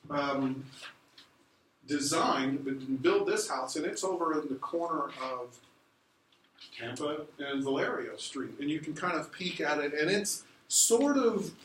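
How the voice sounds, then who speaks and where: A man's voice: mid-range voice, a bit bright, a little hiss or hum. A middle-aged man giving a casual university lecture, digressive and full of fillers and restarts. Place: lecture room. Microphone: recorded from a distance in the room. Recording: roomy echo from a distant mic.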